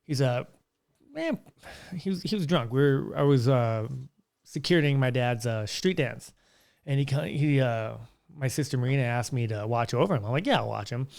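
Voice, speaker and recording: Young male podcast host, gravelly voice, casual rambling monologue with restarts, small curtained room. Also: mid-range voice, normal speed, darkish tone. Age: young adult. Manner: rambling storyteller with frequent restarts.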